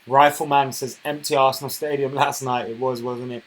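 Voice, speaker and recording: A man hosting a casual football live stream, chatting and reading viewer comments aloud, getting loud and worked up when he rants. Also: mid-range voice, little pitch movement, normal speed, poor audio. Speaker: football channel host reading live chat.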